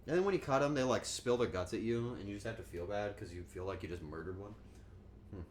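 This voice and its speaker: A man's voice: on the low side, quick pace, a little hiss or hum. A man chatting casually on a cooking stream, joking and rambling, and acting out quotes in goofy voices.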